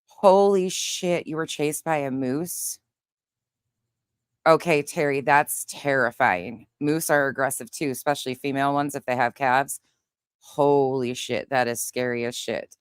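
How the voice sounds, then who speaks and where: A young woman from Montana, a livestream host chatting casually with viewers and telling a story in a profane, animated way. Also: extremely low pitch, moderate pace, clean tone, dry recording, clean studio sound. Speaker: livestream host reading chat.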